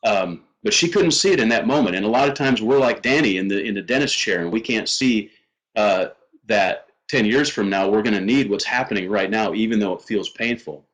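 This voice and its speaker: A middle-aged man telling a personal faith story as a guest, earnest and halting, with many fillers and restarts. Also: lowish voice, fairly bright tone, poor audio.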